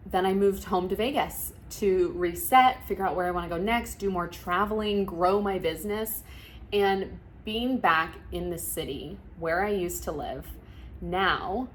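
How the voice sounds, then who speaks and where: A young woman vlogging to camera, reflecting emotionally on her business and often pausing to restart her sentences. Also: on the low side, a little hiss or hum. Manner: emotional, laughing through tears, many likes and restarts. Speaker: vlogger and virtual assistant business coach. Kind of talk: casual reflective talk to camera.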